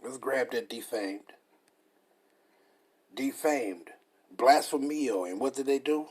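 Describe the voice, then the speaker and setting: Husky-voiced emphatic male preacher. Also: mid-range voice, slow pace, a little mellow. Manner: emphatic, repetitive, reads definitions aloud. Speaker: street preacher. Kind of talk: scripture study sermon.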